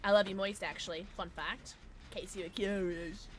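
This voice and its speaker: A woman's voice: mid-range voice, steady tone, normal speed, noisy background. A young woman streaming a game, chatting casually and giggly with her viewers. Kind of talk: casual gaming stream chat.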